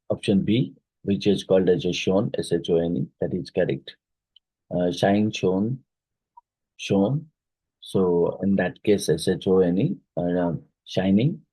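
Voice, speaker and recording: A man with an Odia-influenced Indian English accent gives an exam-prep phonetics lesson in a low, husky, mellow voice. He explains slowly, spells words out letter by letter and pauses on fillers. The sound is dry and close. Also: no room sound, poor audio. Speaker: teacher.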